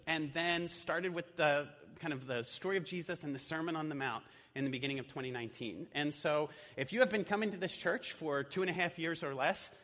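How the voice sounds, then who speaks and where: A man's voice: on the high side, bright, forceful tone. A man preaching a sermon in a church in a conversational way, with casual fillers. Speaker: pastor. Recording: echoey hall.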